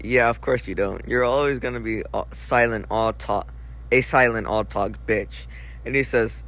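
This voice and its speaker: A young man at an everyday middle pitch rants through a casual storytime over screenshots. He is sarcastic and profane. His delivery keeps tripping on fillers and restarts. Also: fairly bright tone. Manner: frequent filler words and restarts. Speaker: vlogger recounting an online dispute.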